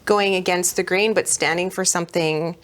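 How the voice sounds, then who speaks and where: A woman's voice: lowish voice, fairly even intonation, normal speed, a bit bright. A woman hosting an interview, asking questions and affirming her guest in a casual, encouraging way. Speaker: interview host.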